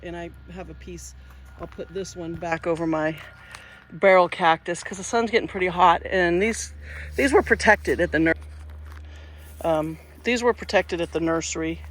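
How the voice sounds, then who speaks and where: A man with a high voice talks casually through an outdoor garden walkthrough. He rambles and circles back, often restarting his sentences mid-thought. There is a faint hiss of noise behind him. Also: a bit bright. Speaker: gardening vlogger.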